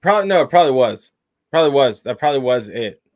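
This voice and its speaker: A man's voice: medium pitch, very animated, no echo. A man with an American accent, co-hosting a reaction video with short quips. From United States. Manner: short interjections and quick quips. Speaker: reaction channel co-host. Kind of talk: casual reaction chat.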